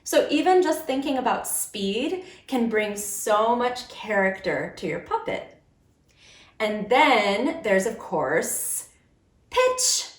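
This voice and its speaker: A woman's voice: fairly high pitch, very animated, slow pace, a bit bright, reverberant. A woman teaching puppet-making to children, playfully demonstrating different voices as she explains. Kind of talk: instructional video for kids.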